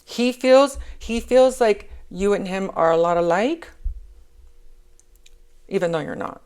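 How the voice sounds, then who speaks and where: A woman's voice: mid-range voice, expressive, takes it slowly, darkish tone, smooth. A woman giving a casual spoken tarot reading. She rambles, repeats herself and keeps checking in with "okay?". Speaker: tarot reader.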